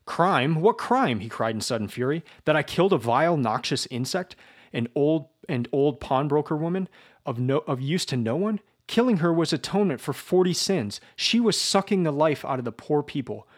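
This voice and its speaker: A man's voice: medium pitch, fast, few pauses, lightly acted. A man reading aloud as a young male murderer, raising his voice in bitter, indignant defiance. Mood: furious.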